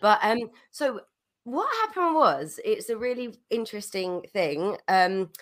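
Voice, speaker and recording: A woman's voice: mid-range voice, big pitch swings, measured pace. Chatty woman getting over a cold. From London, England. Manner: chatty, laughs often, many restarts. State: recovering from a cold. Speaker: podcast guest, musician. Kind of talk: casual storytelling.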